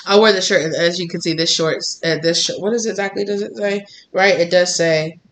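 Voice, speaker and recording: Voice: mid-range voice, steady tone, normal speed, fairly bright tone. A tarot reader talking straight to viewers, blunt and emphatic, repeating phrases and acting out what other people say. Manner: swears casually. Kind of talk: tarot reading, direct address to viewers.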